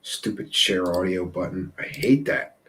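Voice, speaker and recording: A man's voice: deep voice, steady tone, a little slow, a bit bright. A man hosting a live stream, chatting casually with viewers and telling rambling stories through laughter. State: tipsy. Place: Seattle area.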